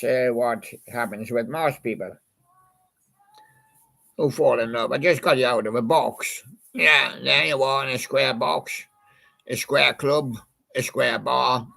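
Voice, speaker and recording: A man's voice: mid-range voice, measured pace, gravelly, sharp tone. A man in a rambling, casual monologue, reminiscing about old songs and chatting to a toy badger. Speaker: channel host.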